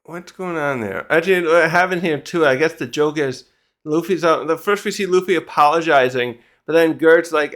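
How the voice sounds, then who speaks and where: A man's voice: fairly high pitch, moderate pace, a bit bright. A man with a slightly raised voice talks through a manga chapter in a loose, rambling way. He gets sidetracked, fills gaps with filler words and swears casually at small hitches. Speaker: manga reviewer.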